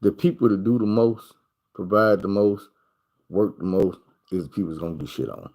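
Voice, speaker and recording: A man's voice: lowish voice, moderate pace, a little mellow, rough recording. A man from Arkansas with a Southern accent telling stories in a loose, profane, repetitive way in a casual monologue. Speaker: vlogger.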